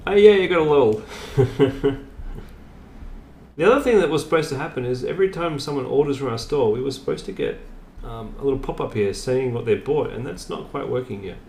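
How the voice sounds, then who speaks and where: A man's voice: mid-range voice, animated, brisk, a little mellow, a little hiss or hum. A middle-aged man hosting a craft live stream in casual, self-mocking chat, laughing often. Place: home room. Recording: echoey room, faint ambience.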